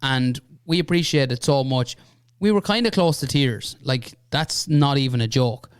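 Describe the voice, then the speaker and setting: A young Irish man recounting an adventure as a podcast guest, his voice smooth and resonant. He talks in an animated, chatty way, checking in with the listener often. The sound is dry and close, from a studio mic. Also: mid-range voice, normal speed, dry recording. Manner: animated anecdote-telling with lots of "right?" and "you know". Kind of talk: casual storytelling.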